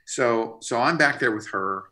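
A middle-aged man, a record producer, telling an animated story in a casual interview. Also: mid-range voice, measured pace. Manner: animated, expressive, pushes to sudden bursts. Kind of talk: storytelling anecdote in casual conversation.

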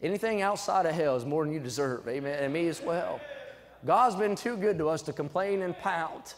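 Young male preacher, fairly high voice, emphatic sermon delivery, reverberant sanctuary. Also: normal speed. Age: young adult. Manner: emphatic, swings from low asides to loud exhortation. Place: church sanctuary. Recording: church sanctuary with long reverb.

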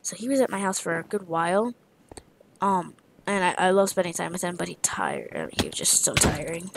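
Tired, gravelly woman gaming commentator. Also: fairly low pitch, very animated, fairly quick, background noise. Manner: rambling, playful trash talk with muttered asides. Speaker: gamer commentating her own play. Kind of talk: casual gameplay commentary.

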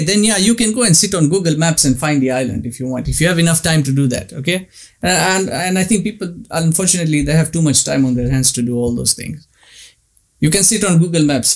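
A man giving a religious lecture, emphatic, repeating points and asking rhetorical questions. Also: on the high side.

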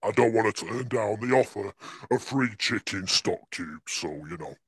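A man playing a cheeky middle-aged bloke who jokes about his wife, with a gravelly voice. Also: on the low side, expressive, moderate pace, fairly bright tone, no room sound, heavily acted. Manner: cheeky banter, playful boasting. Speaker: comedy character guest.

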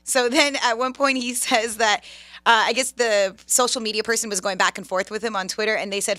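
Chatty bright-voiced young woman. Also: fairly high pitch, a little fast, dry recording, clean studio sound. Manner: chatty, giggly storyteller. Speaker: radio show co-host. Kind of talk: casual chat.

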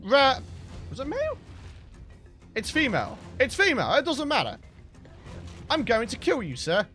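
Guy yelling at his game, super high voice, bouncy and bright, game music underneath. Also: huge pitch swings, moderate pace. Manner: shouty, exclaiming, jokey insults at his pets. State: losing his voice. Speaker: gaming channel host. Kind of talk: excitable gameplay commentary. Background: game background music.

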